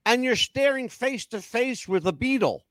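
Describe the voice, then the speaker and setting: A man hosting a casual talk show, telling stories in an animated way and swearing freely. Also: extremely high pitch, moderate pace, no echo, studio quality. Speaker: show host.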